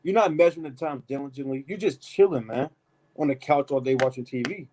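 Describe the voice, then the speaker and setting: A man leading a casual, animated Bible study, reading verses and adding emphatic asides like "man" and "right?". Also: mid-range voice, fairly quick, noisy background. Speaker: Bible teacher. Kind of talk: street-style Bible study preaching.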